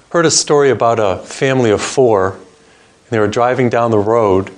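A man preaching a sermon, reading scripture and telling a joke, slowing down to stress his points. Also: medium pitch. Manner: storytelling, varied pace, emphatic slowing on key points.

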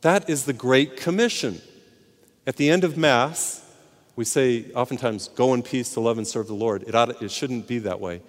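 A man preaching a sermon, telling a lively personal story and acting out the voices in it. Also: medium pitch, moderate pace. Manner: animated storyteller, acts out voices and shouts. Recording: long hall reverb.

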